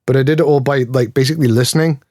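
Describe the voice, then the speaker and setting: A man's voice: medium pitch, steady tone, very fast, a little mellow, no echo, clean studio sound. A man with a Geordie accent from Newcastle, chatting casually as a guest in an interview, rambling and self-deprecating with frequent laughs. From Newcastle, England. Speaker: guest, pedal builder.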